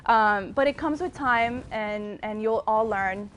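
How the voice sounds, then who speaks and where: A woman's voice: a little high, takes it slowly, fairly bright tone, slight background noise. A young woman with a Miami accent, a TV news reporter, giving chatty advice to students with lots of ums and restarts. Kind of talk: casual advice talk to students.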